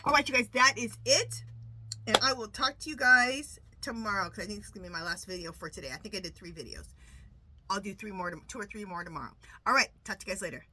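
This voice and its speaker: Bright-voiced chatty woman vlogging. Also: mid-range voice, animated, a little hiss or hum. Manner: chatty, rambling, quick asides; asks a pendulum questions, repeating "clear". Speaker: tarot reader and channel host. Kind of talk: casual chatty vlog.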